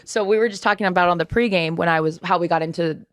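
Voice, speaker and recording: A woman in her thirties co-hosting a podcast, telling animated stories in casual chat. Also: fairly low pitch, fast, no room sound, studio quality. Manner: animated storyteller, mimics others' voices in anecdotes. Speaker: podcast co-host.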